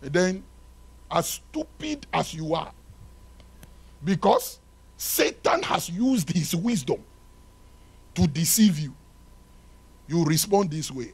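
A male pastor preaching a sermon in a church, swinging from loud shouted lines to hushed ones and acting out little dialogues. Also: on the high side, big pitch swings, slow pace, gravelly, pauses often, slightly rough. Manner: acts out dialogue between lovers.

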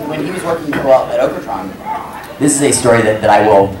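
A man's voice: medium pitch, lively intonation, fast. A man on a convention panel telling a long, rambling story and acting out the quotes. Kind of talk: casual anecdote telling. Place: large convention hall with audience. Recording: echoey hall, mic at distance, crowd noise. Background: audience murmur and room noise.

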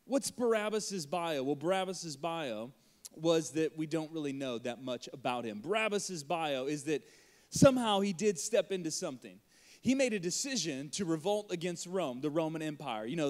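Animated high-voiced male pastor preaching. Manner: animated, acts out crowd voices and jokes. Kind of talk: Easter sermon with storytelling. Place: church auditorium.

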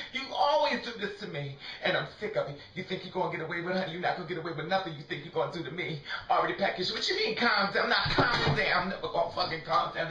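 A man's voice: sits high, pushed and bright, slight background noise. A man playing a furious, jealous woman. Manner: profane, repetitive, sassy scolding. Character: furious jealous woman scolding a cheating partner. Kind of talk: comedic rant sketch. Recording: dull roomy recording from a distance.

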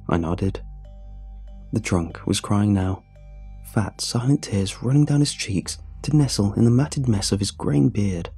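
A man narrating a first-person horror story in a measured, even storytelling voice. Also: on the low side, husky, soft background music.

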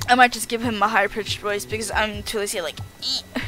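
Halting woman game streamer. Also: mid-range voice, steady tone, poor audio. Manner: halting, self-interrupting, stammers while thinking. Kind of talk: casual gameplay commentary. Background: game music.

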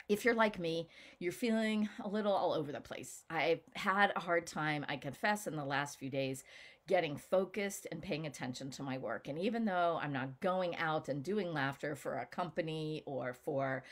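A woman leading a live online laughter session, playful and coaxing, laughing often between her cues. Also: fairly low pitch. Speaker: laughter yoga leader. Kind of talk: guided laughter exercise session.

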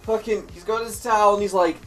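A man's voice: sits high, fast, faint music behind. Sweary young man ranting. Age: young adult. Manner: animated, sweary, acts out scenes. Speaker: comedy vlogger. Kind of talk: comedic rant to camera.

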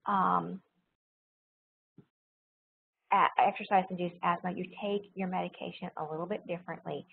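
A woman teaching a recorded pharmacology lecture, explaining step by step, repeating key points and pausing with frequent ums. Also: lowish voice, gravelly, husky, narrow, tinny audio. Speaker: nursing pharmacology instructor.

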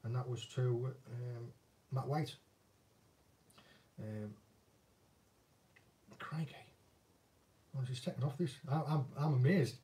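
Northern English fisherman, easygoing self-deprecating chatter, warm low-key voice, recorded a little off-mic. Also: steady tone, slow, pauses often, slight background noise. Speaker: angling vlogger and former commercial fisherman. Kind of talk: casual viewer Q&A chat. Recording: voice a bit distant from the mic.

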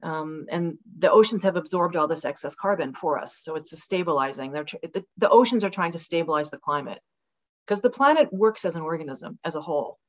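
Woman guest, casual and animated, lower voice, lo-fi call audio. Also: a little fast. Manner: animated, acts out voices with laughs. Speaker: guest author. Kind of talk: casual interview conversation. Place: rural home with dogs.

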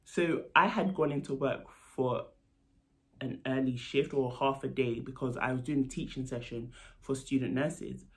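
A man tells a personal story to camera in an animated, chatty way. His voice sits in a middle pitch with a gravelly, creaky edge. He breaks off for quick asides as he retells the events. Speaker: storytelling vlogger; nurse. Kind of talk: casual storytime vlog.

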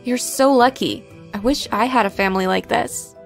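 A gentle young fiancée speaks softly in a raised, light voice, as a woman voices her for an animated story. Music plays softly behind her. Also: fairly high pitch, moderate pace, vocal fry.

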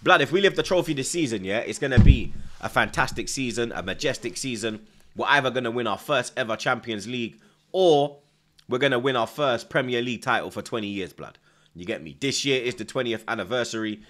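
A man's voice: medium pitch, fairly quick. Slangy man hyping a stream. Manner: slangy, repeats "blood" and "you get me"; shouts out viewers from the chat. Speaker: livestream host. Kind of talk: football watchalong chat.

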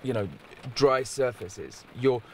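A man's voice: slow pace, a little hiss or hum. A man with an English accent, a celebrity race driver, chatting casually in an interview from the back seat of a car. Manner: chatty, self-mocking, quotes others in high voices.

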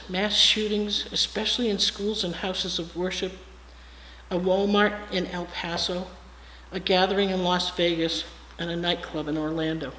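A guest preacher reading a storybook aloud and then preaching an earnest, measured sermon built on pointed lists. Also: mid-range voice, fairly bright tone. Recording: echoey hall, faint hiss.

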